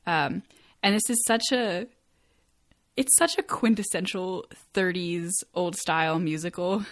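A woman's voice: fairly low pitch, a little slow, dry recording, clean studio sound. A woman co-hosting a podcast, chatting casually and curiously about a musical. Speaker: podcast co-host. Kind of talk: casual chat.

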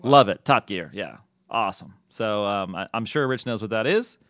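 A man's voice: lowish voice, animated, moderate pace, fairly bright tone, dry recording. A man hosting a casual podcast who teases his co-host, laughs often and steers the show to letters and calls.

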